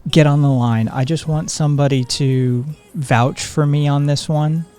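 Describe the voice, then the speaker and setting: A live stream host chatting casually and reading viewer comments in a soft, sedated way, with frequent ums and laughs. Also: medium pitch, fairly even intonation, unhurried, faint music behind.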